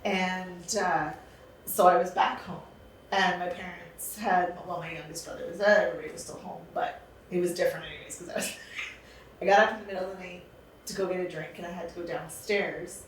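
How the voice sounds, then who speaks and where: A middle-aged woman spins funny stories in a relaxed talk, laughing often. Her voice sounds far from the microphone, with a strongly roomy echo and a faint hiss of noise behind it. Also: on the low side, brisk. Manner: lively storyteller, laughs often. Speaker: guest, show co-host. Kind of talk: casual podcast chat.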